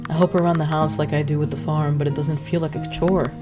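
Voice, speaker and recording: A woman's voice: low-pitched, little pitch movement, fast, music in the background, natural voice. A woman voicing a shy, polite little scarecrow boy from a video game, sounding eager and earnest. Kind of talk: reading game dialogue aloud.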